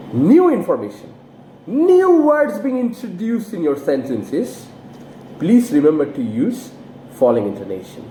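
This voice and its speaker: A woman teaching English intonation in an online lesson, speaking deliberately and emphatically with sweeping pitch. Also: mellow, a little hiss or hum. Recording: roomy echo.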